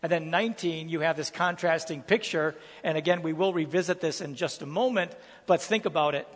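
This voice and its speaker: Preacher in a reverberant hall. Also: male voice, fairly high pitch, fairly quick. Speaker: pastor. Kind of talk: sermon.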